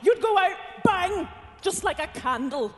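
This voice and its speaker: A woman's voice: very high-pitched, very animated, measured pace, voice pushed up, full character voice. Tweedledum, a blunt scornful twin, as a woman puts him on. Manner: dry, contemptuous, blunt. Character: blunt, contemptuous little twin brother, Tweedledum. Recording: long hall reverb, music behind.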